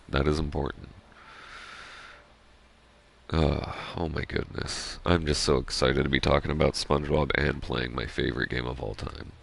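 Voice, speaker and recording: A man chatting casually over gameplay, rambling excitedly and swearing freely. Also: a bass voice, creaky. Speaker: gaming streamer.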